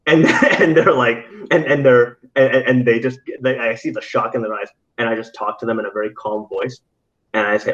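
A man's voice: medium pitch, moderate pace, fairly bright tone. A man who works as a teacher, chatting casually and telling rambling stories with many restarts. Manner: rambling storyteller with frequent restarts and laughs. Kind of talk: casual podcast conversation. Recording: slightly dull, lo-fi audio.

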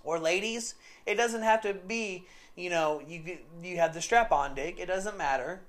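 A man's voice: high-pitched, unhurried, fairly bright tone. A man telling a story in a casual, rambling monologue, repeating himself often. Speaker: vlogger.

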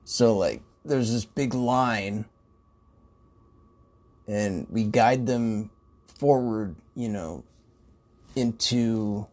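A man's voice: mid-range voice, a little mellow. A man who works in a grocery store, telling casual stories in a rambling way, swearing and laughing often. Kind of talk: casual storytelling.

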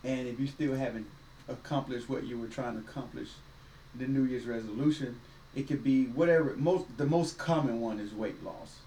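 This co-host of a casual faith-based podcast has a medium-pitched, dark voice and talks at a normal speed in a folksy, preachy way, quoting other voices. The recording sounds roomy and echoey, with a distant mic, faint ambience, and slight background noise.

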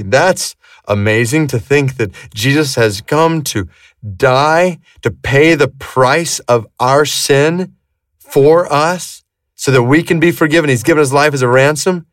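A man, a pastor, giving an earnest devotional Bible teaching that turns into prayer, shifting between emphatic and hushed delivery. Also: medium pitch, dry recording, clean studio sound, far from the mic.

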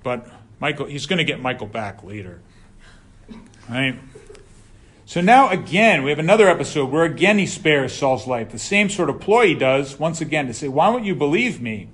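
A man with a fairly high, husky, fairly bright voice speaks at a moderate pace and is very animated. He teaches a Bible class in a conversational, digressive style, reading scripture passages aloud and then explaining them in a lecture.

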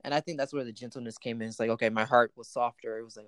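A man's voice: mid-range voice, steady tone, very fast, fairly bright tone, clean tone, no room sound. A man hosting a casual chat, telling a personal story with plenty of quoted dialogue.

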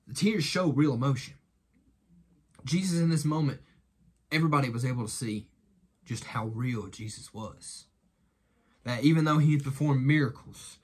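A man's voice: medium pitch, breathy edge. A man giving an earnest devotional talk with a repetitive preaching rhythm that stacks up parallel phrases.

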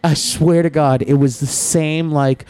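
A man's voice: a little high, fairly even intonation, measured pace, darkish tone, clear, resonant tone, no room sound. A man guest on a podcast, telling a long story in a profane, rambling way and laughing as he goes.

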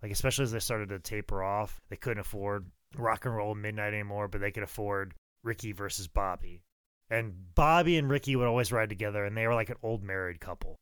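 A man in his thirties, a pro wrestler, telling casual stories in a rambling, profane, animated way. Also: on the low side, brisk, clean tone, dry recording. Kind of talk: casual storytelling.

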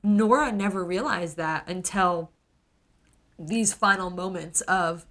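A woman co-hosting a podcast, retelling a novel in a lively, casual way and acting out the characters. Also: lowish voice, takes it slowly. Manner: animated retelling, acts out characters, gets emotional. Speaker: podcast co-host. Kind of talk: casual book discussion.

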